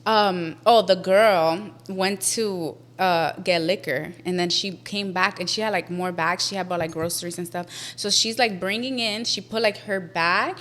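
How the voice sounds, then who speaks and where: A young woman, a podcast guest, telling a story in a lively way, swearing often and switching into Spanish. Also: on the low side, moderate pace, hardly any pauses. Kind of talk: casual storytelling.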